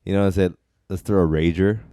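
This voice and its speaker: A man's voice: low-pitched, fairly even intonation, quick pace, dark tone, clear, resonant tone, dry recording, clean studio sound. A man co-hosting a casual movie review chat, laughing often and restarting his sentences. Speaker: podcast co-host.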